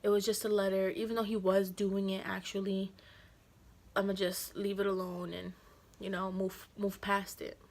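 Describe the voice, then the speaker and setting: A young woman vlogging a casual story time, animated and slangy, acting out the dialogue as she goes. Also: mid-range voice, moderate pace.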